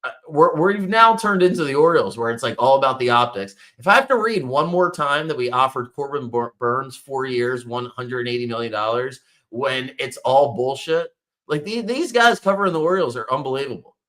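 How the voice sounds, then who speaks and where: A man's voice: mid-range voice, animated, a little fast, fairly bright tone. A man hosting a sports talk show, venting exasperated, swearing commentary about his home team's loss. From Baltimore area. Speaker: sports podcast host.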